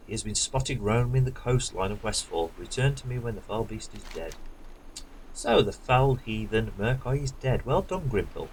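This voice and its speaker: A man's voice: fairly low pitch, a little hiss or hum, close to an everyday voice, low-quality recording. A man reading out a solemn coastal quest-giver. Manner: reads quest text in his own voice, no accent. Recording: voice over loud game music.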